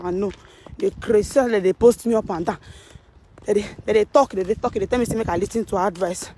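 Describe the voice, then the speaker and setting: A woman's voice: medium pitch, brisk, dark tone, a little hiss or hum. A woman with a Nigerian Pidgin accent, ranting heatedly on a live stream from her phone out on the street, repeating herself as she goes. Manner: heated, repetitive, confrontational. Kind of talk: casual live-stream rant. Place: outdoors on a street.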